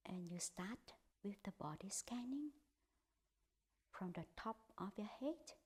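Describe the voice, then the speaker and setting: A woman leading a guided meditation in a soft, gentle voice that often drops to a half-whisper, with simple, repetitive instructions. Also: medium pitch, expressive, measured pace, breathy edge. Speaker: meditation teacher.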